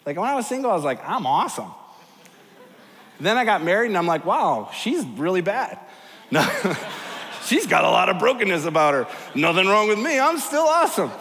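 A middle-aged man preaching a sermon as a pastor, animated and storytelling, swinging from soft to loud. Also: high voice, fast talker, creaky, slight background noise. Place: large church hall. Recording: long hall reverb.

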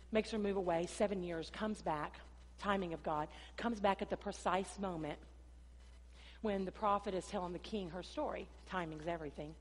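A woman pastor preaching a sermon, swinging between loud, emphatic passages and quieter storytelling, sometimes acting out voices. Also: mid-range voice. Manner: preaching with dramatic rises and drops, acting out dialogue. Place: church sanctuary. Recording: long church-hall reverb.

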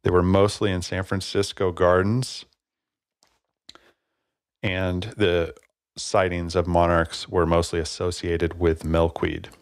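Here's a man with a low voice who takes his time, leaving long pauses as he rambles casually through his one-man podcast, full of fillers and totally relaxed. There's no room sound, just clean studio audio.

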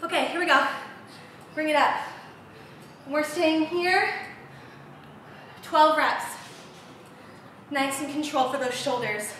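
Her high voice moves slowly, with long pauses and a slightly bright quality, while a faint hiss or hum runs underneath. This young fitness instructor cheers upbeat through the reps of a live workout, out of breath, on a large empty home gym floor. The echoey recording comes from a far-off mic.

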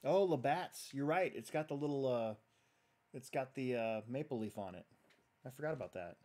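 A man's voice: mid-range voice, animated, moderate pace, darkish tone. Chatty man at his workbench. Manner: rambling, chatty, reads viewer comments aloud. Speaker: host. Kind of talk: casual livestream chat while building.

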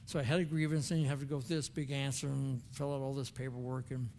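A man's voice: mid-range voice, little pitch movement, quick pace, creaky, a little mellow, a little hiss or hum. An older man, a former chaplain, preaching a sermon in an earnest, conversational storytelling way with emphatic turns. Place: church sanctuary.

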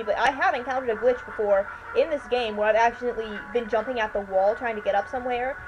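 A woman's voice: on the high side, lo-fi sound. Tired, chatty woman playing a game. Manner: chatty, rambling, keeps saying "anyway". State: tired and yawning. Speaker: let's player. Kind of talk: casual gameplay commentary. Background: faint washing machine hum.

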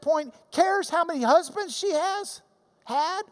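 A man giving a Bible class lecture, animated and emphatic with jokey asides. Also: very high voice, a little slow. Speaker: Bible teacher. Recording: long reverb of a large hall.

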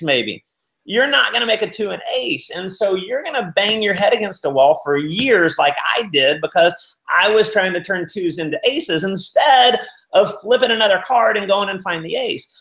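A man's voice: high-pitched, creaky. A man giving a motivational business talk, telling stories and acting out the people in them. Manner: animated storyteller acting out quotes. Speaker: business speaker. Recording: roomy echo.

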